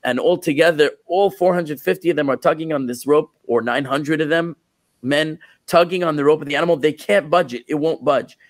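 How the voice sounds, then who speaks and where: Man, rabbi, storytelling sermon, animated, repeats words, dry room. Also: on the high side, brisk, no echo.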